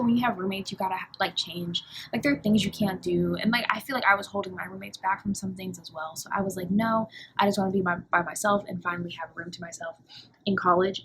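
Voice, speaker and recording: A woman's voice: medium pitch, a bit bright, a little hiss or hum, rough recording. Candid young woman vlogging from her dorm. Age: 20s. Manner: candid, emotional, lots of fillers like "like" and "um". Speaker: college student vlogger. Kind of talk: casual confessional vlog.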